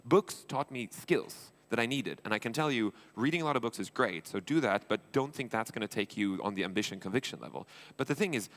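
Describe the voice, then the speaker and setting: Male entrepreneur, gravelly, blunt, casual onstage speaker. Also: mid-range voice, expressive, a little fast, a bit bright. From Sweden. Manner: blunt, informal, acts out dialogues, swears. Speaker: entrepreneur and angel investor. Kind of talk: conference stage talk. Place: conference stage.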